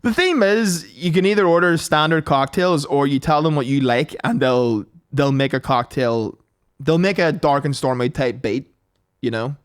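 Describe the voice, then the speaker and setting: A young adult man, a podcast co-host telling a sweary, animated story in casual banter. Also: on the high side, normal speed, clear, resonant tone. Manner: sweary, animated storytelling with mocking quoted voices.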